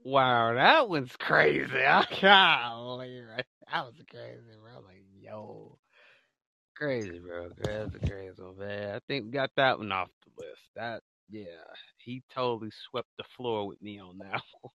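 A man's voice: mid-range voice, unhurried, creaky, pushed and bright, no room sound. A man co-hosting a casual podcast, talking in a laid-back, slangy way and asking the questions. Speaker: podcast co-host. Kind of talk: casual chat. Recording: slightly muffled lo-fi mic, dry.

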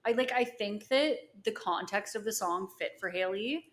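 A woman's voice: mid-range voice, normal speed. A young woman co-hosting a podcast, chatting in an easygoing way and saying "like" a lot. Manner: easygoing, heavy use of "like". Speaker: podcast co-host. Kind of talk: casual chat.

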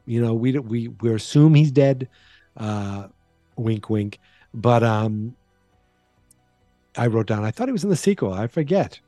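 Male podcast host, dark mellow tone, dry close sound, loose chatty recap style. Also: medium pitch, animated, measured pace, long pauses, no echo, faint music behind. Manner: rambling, chatty, frequent fillers and restarts. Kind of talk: casual horror movie recap.

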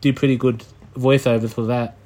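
A man hosts a casual conversation in a relaxed, encouraging manner. His voice sits at an ordinary middle pitch, and he often eggs his guest on. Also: brisk. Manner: laid-back, encouraging, laughs often. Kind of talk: casual chat.

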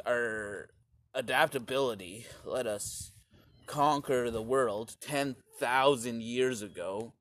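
A young man telling a crude, sarcastic comic story in rambling bursts, sometimes shouting. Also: mid-range voice, dry recording. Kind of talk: rambling comedic storytelling rant.

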